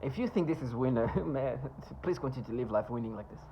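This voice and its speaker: A man rambles through a personal monologue, his tone scornful and full of insults, tripping over restarts and asides as he goes. His voice sits at a middling pitch. The recording sounds dull and lo-fi, with a faint hiss underneath. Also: expressive. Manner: halting, with many restarts and asides. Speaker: vlogger.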